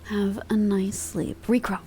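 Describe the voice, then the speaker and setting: A woman's voice: medium pitch, flat delivery, a little slow, a little hiss or hum. A woman streaming ASMR, slipping between whispers and crude, playful banter with her chat. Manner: soft whispers mixed with joking banter; crude and playful, laughs often.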